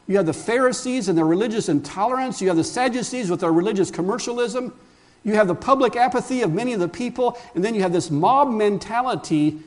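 High-voiced man preaching a sermon. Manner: emphatic preaching with rhetorical questions; addresses listeners as friends. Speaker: pastor.

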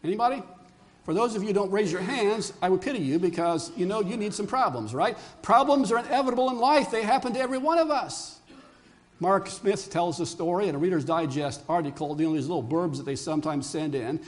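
Older male pastor, high voice, animated sermon storyteller who quizzes the congregation. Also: a little fast.

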